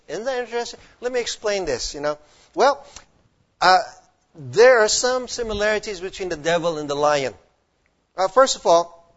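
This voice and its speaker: A man's voice: fairly high pitch, normal speed, a bit bright. A male pastor preaching a sermon emphatically, often quizzing his listeners with questions. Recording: dull lo-fi recording.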